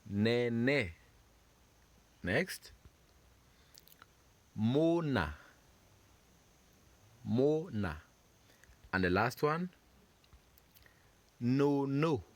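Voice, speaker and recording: A man teaching French pronunciation, patiently drilling sounds for the listener to repeat and praising each try. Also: dry recording. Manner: patient, drills sounds, stresses syllables higher and louder. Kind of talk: slow repeat-after-me lesson.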